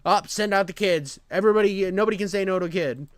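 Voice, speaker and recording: A man's voice: high voice, quick pace, clear, resonant tone, dry recording, clean studio sound. A man streaming his reaction to a video, ranting bluntly and sarcastically, with a lot of swearing. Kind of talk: casual profane commentary rant.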